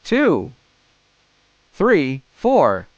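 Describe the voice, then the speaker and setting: A man giving outdoor snake-education commentary, with frequent excited exclamations and slow, careful explanations. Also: a little high, no room sound, muffled recording. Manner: excited exclamations, counting aloud.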